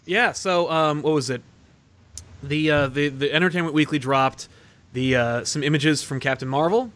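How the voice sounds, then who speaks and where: A man's voice: on the high side, normal speed, a bit bright. A young man co-hosting a casual podcast chat, rambling with many fillers and restarts. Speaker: podcast co-host.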